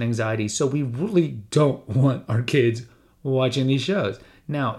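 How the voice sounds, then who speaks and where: A middle-aged man hosting a solo podcast, talking in a conversational, rambling way with frequent restarts. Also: mid-range voice. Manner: briefly mimics his father's voice and accent. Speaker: podcast host.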